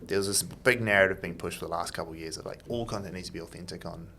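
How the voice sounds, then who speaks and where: A man's voice: low voice, very fast, bright, forceful tone, slight background noise. A man hosting a podcast, asking loose, rambling questions full of restarts and fillers. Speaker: podcast host. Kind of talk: casual interview chat.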